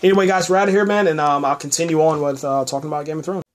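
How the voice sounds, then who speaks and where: A man hosting a podcast, recapping a TV episode in a loose, halting way, often restarting and tacking "man" onto his sentences. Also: fairly high pitch, steady tone. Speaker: podcast host reviewing a TV episode. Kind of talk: casual spoken review.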